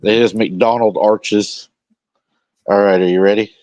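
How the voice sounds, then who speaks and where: A man with a very low voice hosts a casual livestream, mocking the person in the clips with sarcastic remarks. The sound is dry and close to the mic. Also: fairly even intonation, measured pace, darkish tone, no room sound. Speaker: stream host.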